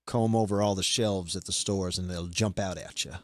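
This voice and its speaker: Low-voiced rambling man. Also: moderate pace, no room sound. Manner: rambling, relaxed, many fillers and restarts. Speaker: podcast host being interviewed. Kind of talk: casual chat.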